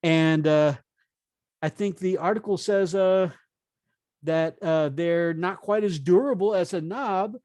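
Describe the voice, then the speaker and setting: A man's voice: high voice, slow, darkish tone, no echo. Chatty, laughing hobby-stream co-host man. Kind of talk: casual chat.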